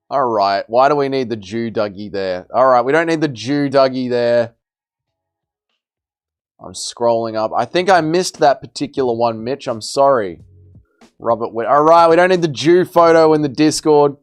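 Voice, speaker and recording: A man's voice: medium pitch, normal speed, clear, resonant tone, soft background music. A young man hosting a casual livestream, bantering as he reads and answers viewers' chat messages. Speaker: livestream host.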